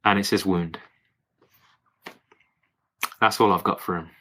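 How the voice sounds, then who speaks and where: Bright-voiced encouraging man, brotherly. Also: sits low, fairly even intonation, a little slow. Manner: encouraging, brotherly, swears casually. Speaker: coach. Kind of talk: casual group conversation.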